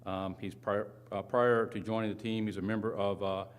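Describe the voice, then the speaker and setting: A man's voice: fairly low pitch, little pitch movement, normal speed, clean tone. Apologetic man introducing speakers. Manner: apologetic, self-deprecating, fumbling. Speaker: moderator.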